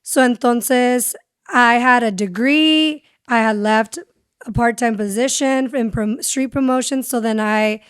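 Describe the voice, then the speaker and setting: A woman's voice: on the high side, measured pace, clear, resonant tone, no room sound, studio quality. A young woman speaking as a podcast guest and radio host, telling her story candidly and switching between English and Spanish. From San Diego. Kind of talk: casual interview chat.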